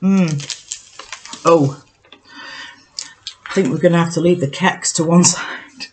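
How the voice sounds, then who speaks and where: A woman's voice: fairly low pitch, fairly even intonation, slow pace, slight background noise. A woman vlogger in casual chat, thinking aloud and joking at herself as she tastes snacks. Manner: chatty, self-mocking, thinks aloud while tasting.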